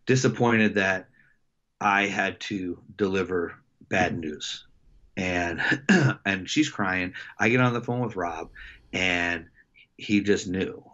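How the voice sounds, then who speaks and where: Middle-aged guy, really low voice, stops and restarts a lot, kinda muffled podcast sound. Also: a bit bright. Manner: reflective, halting with many fillers and restarts. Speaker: wrestling head coach, podcast guest. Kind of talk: casual storytelling interview.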